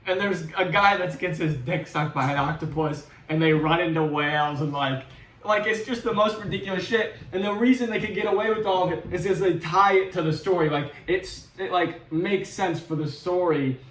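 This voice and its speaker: A man co-hosting a casual TV review chat, excited, laughing and swearing freely. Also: high voice, normal speed, reverberant, far from the mic, rough recording. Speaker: co-host of a TV review show.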